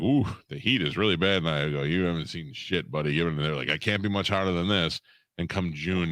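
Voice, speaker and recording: A man's voice: sits low, a bit bright, no echo. A man co-hosting a podcast in casual chat, laid-back and profane, laughing easily. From lives in Florida. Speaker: podcast co-host.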